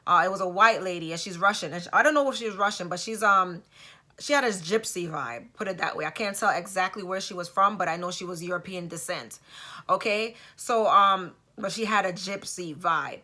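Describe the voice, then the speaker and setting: A woman telling a personal story in a casual, emphatic way, often pausing for rhetorical asides. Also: on the low side, sharp tone. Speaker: vlogger.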